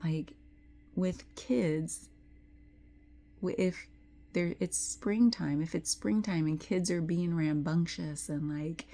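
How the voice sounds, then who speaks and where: Speaking to camera, a middle-aged woman gives an intuitive tarot reading, tearful and tender, slipping into soft whispers when emotion takes her. Her voice sits fairly low, steady and slow, in this emotional spiritual talk.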